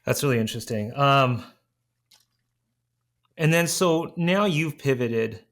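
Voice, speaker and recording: A man's voice: mid-range voice, slow, fairly bright tone. A man hosting a podcast interview, asking questions in a hesitant way with many fillers. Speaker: podcast host. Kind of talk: casual interview conversation.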